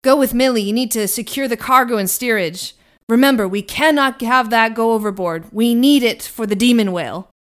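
A woman putting on a gruff old sea captain who shouts orders across a storm-tossed deck. He is loud and pushed a little higher than her own voice, every line a command. This is a tabletop game character, not a polished studio role. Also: brisk, close to an everyday voice. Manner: barking orders.

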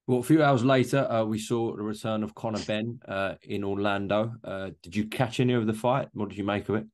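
A man hosting a podcast interview, asking brief, measured questions. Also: fairly low pitch, steady tone, a little mellow.

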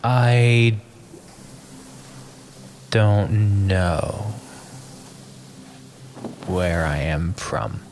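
A tabletop game player speaking in a hesitant, unsure, halting way. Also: sits low, a little mellow, slight background noise.

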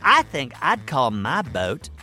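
A man voicing a boastful, excitable furry animal sidekick who hosts a kids' comedy radio show. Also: mid-range voice, slow, soft background music, heavily acted.

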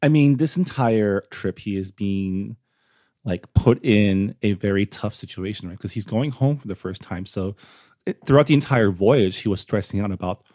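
A man's voice: lowish voice, animated, normal speed, darkish tone, no room sound, studio quality. A man in casual chat about a book, analysing characters and often checking in with "right?". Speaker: book discussion co-host.

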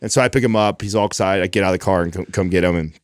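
A man's voice: deep voice, racing, no room sound, clean studio sound. A middle-aged man co-hosting a podcast, telling a family story in casual chat, acting out voices and swearing casually. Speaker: podcast co-host.

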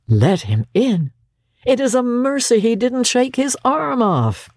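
A woman narrating a classic novel in an expressive audiobook reading. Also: a little high, slow pace, no echo, studio quality.

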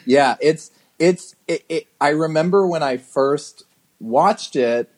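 A man co-hosting a casual movie podcast, animated and quick to act out lines from the film. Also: fairly high pitch. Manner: animated, puts on voices to quote characters. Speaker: podcast co-host. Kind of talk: casual chat about a movie.

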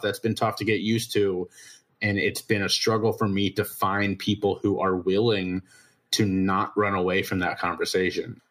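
A man's voice: fairly low pitch, a bit bright. A man from Ohio as an interview guest, speaking frankly and wryly and often repeating words as he restarts. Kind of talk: casual interview chat.

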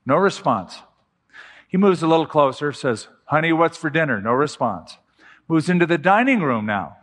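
A middle-aged man preaching a sermon as a pastor, telling stories with slow, emphatic pauses. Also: a little high, sing-song, a bit bright. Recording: long hall reverb with faint music.

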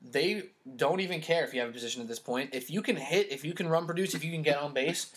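Quick-talking New podcast host. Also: male voice, a little high, fairly bright tone, breathy edge. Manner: leads the talk, asks questions, wry asides. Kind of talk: casual sports podcast chat.

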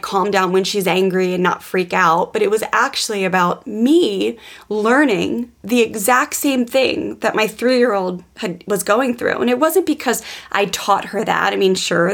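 A woman podcast co-host telling a personal parenting story in an earnest, animated way, with many restarts and fillers. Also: a little high, gravelly. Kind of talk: personal storytelling in casual chat.

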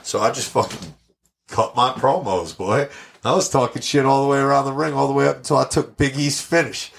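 A man's voice: mid-range voice, fairly quick, creaky. A man guest on a podcast, telling brash, profane stories in casual chat. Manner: brash, profane, animated storyteller. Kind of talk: casual storytelling.

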